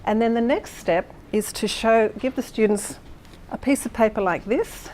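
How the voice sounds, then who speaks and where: A woman's voice: on the high side, moderate pace, darkish tone, a little hiss or hum. Woman presenter explaining intonation to teachers. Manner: explanatory, many fillers and restarts, checks in with the audience. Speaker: teacher trainer presenting a workshop. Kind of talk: workshop demonstration for teachers.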